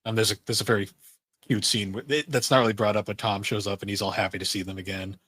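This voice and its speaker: Low-voiced man chatting casually on a podcast. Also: fast talker, no echo. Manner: relaxed, rambling, many fillers and frequent laughs. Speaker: podcast co-host. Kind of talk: casual chat.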